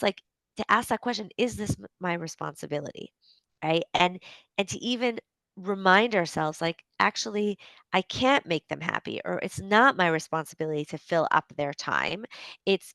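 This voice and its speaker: Woman, Canadian accent, lowish voice, chatty and reflective, dry close recording. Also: no room sound. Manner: conversational, many "like" fillers, gentle and reflective. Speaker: podcast host and coach. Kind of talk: solo podcast talk, advice.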